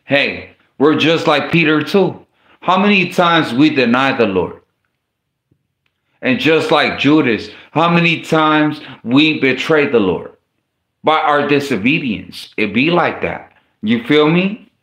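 A man's rather high, expressive, slightly bright voice moves slowly through an informal sermon with scripture readings. He talks casually and uses slang, stumbling and restarting often, and the room is echoey.

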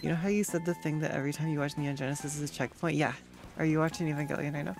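A streamer chatting casually while playing a game, sarcastic and quick to react to chat and gameplay. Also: medium pitch, steady tone, vocal fry, darkish tone, soft background music.

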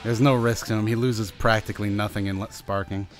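A young man giving live commentary over his own fighting-game match, anxious and pleading with himself, his pitch jumping up and down. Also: steady tone, fairly quick. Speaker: gaming channel host. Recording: faint music behind.

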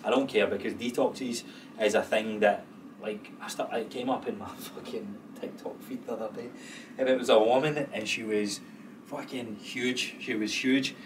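A man's voice: medium pitch, fairly even intonation, normal speed. A Scottish man co-hosting a podcast in casual chat. He swears freely and laughs as he talks. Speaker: podcast co-host. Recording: distant mic with clear background noise.

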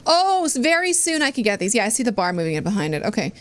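High-voiced swearing woman streamer. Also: very animated, fast talker. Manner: swearing, thinking aloud. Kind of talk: casual gaming commentary.

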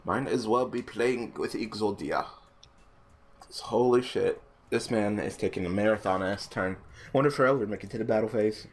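A young man giving casual gameplay commentary, swearing and ranting in exasperation, swinging between mumbled asides and loud outbursts. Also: fairly low pitch, normal speed, slightly rough. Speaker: gaming channel host.

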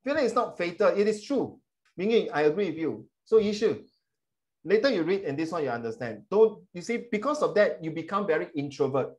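A middle-aged male teacher with a high voice gives his class brisk, animated, emphatic feedback, slipping into Mandarin phrases as he goes.

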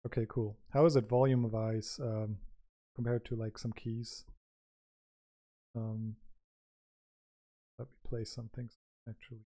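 A man chatting casually on a live stream as he makes music, thinking aloud in an unhurried way, through a microphone with noise reduction and compression. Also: lowish voice, flat delivery, warm tone. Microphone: new microphone with noise reduction and compression.

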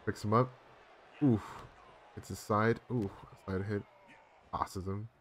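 A young man streaming live, giving excitable play-by-play commentary on a wrestling video game with sudden loud exclamations. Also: lowish voice, slow pace, a little hiss or hum.

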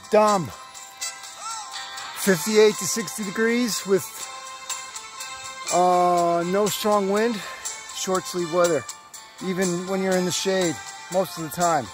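A man chatting to himself in a casual hiking vlog, rambling and joking as he walks a forest trail outdoors. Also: high voice. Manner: rambling, joking self-talk. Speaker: vlogger.

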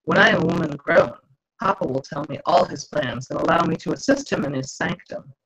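A woman's voice: sits low, expressive, a little fast, a bit bright, slightly rough, exaggerated voice. A woman author voicing an earnest, bookish young girl who speaks in archaic phrasing while reading aloud. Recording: dull lo-fi video call audio.

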